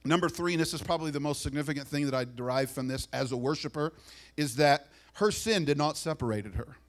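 Animated man preaching a sermon. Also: fairly high pitch, quick pace. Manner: animated preaching, acting out voices, dropping to soft asides. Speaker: pastor.

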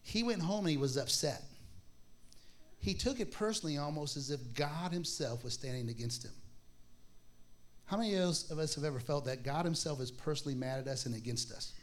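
Male pastor, slightly raised pitch, chatty Bible teacher who acts out quotes and laughs easily. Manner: conversational, acts out voices in stories, laughs often; reads scripture aloud slowly.

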